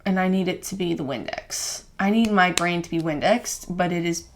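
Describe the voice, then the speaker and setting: A woman's voice: fairly low pitch, moderate pace, slight background noise. A young woman co-hosting a podcast, talking through her feelings in casual, rambling chat full of "like" fillers. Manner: rambling, heavy use of "like" fillers; earnest, openly emotional self-reflection. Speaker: podcast co-host.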